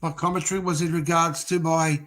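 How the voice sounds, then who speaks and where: A man's voice: on the high side, level tone, fairly quick, a bit bright. A man co-hosting a football podcast, telling jokes in a hesitant way with many fillers. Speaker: podcast co-host. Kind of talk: casual footy podcast banter.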